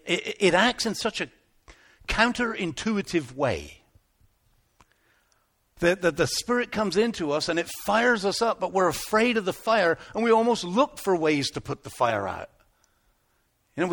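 A pastor with a high voice preaches in an animated, conversational style. He repeats words as he builds momentum and slips into small acted asides.

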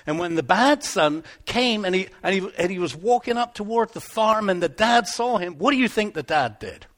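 A man's voice: high voice, normal speed. A male pastor in a church, telling children a Bible story and asking them questions. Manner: animated, asks the children questions.

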